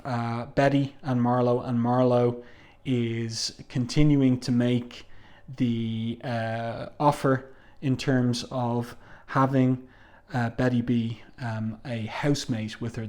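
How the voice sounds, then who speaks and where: Unhurried man reviewing comics aloud. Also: medium pitch, darkish tone. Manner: unhurried, frequent ums and uhs, reads comic dialogue aloud. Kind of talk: casual spoken review.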